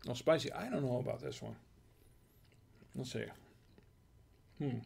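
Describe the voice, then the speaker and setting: A man's voice: medium pitch, huge pitch swings, unhurried, creaky, darkish tone, husky. A man hosting a casual wine tasting livestream, musing aloud in a hesitant, chatty way. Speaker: wine review show host.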